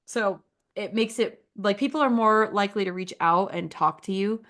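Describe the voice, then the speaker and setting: A woman's voice: medium pitch, moderate pace, fairly bright tone. A woman giving friendly, chatty feedback on a photographer's website in a casual online critique session, with many "like"s. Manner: chatty, encouraging, uses "like" a lot. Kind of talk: casual screen-share critique.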